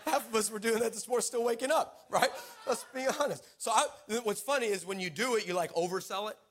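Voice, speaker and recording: A man preaching a sermon in church, telling a funny story in an animated, playful way and teasing the congregation. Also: high voice, quick pace.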